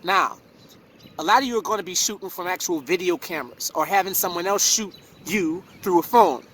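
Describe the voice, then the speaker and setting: A man's voice: sits high, brisk, a bit bright, a little hiss or hum. A man giving a casual video lesson on public speaking from his living room, recorded on a phone in selfie mode, talking conversationally and playing with rhymes. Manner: playful, conversational, rhyming catchphrases.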